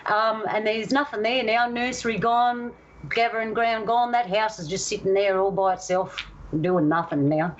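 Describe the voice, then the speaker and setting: A woman from Australia telling a personal story in a casual, animated way, acting out the voices of the people in it. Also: fairly high pitch, dull audio. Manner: animated, acts out voices in stories. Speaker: guest storyteller.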